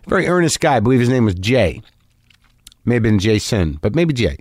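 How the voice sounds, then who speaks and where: Podcast host, male, mid-pitched, rambling and profane, dry close mic. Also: fairly quick, no room sound. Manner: rambling, profane, animated, self-deprecating. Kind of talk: monologue and casual interview. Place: home studio with guitars.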